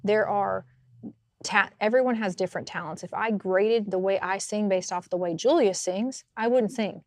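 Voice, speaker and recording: A woman co-hosting a podcast, telling stories in a lively, casual way and laughing often. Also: mid-range voice, normal speed, no room sound, clean studio sound. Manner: animated storytelling, laughs often. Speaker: podcast co-host. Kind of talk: casual faith chat.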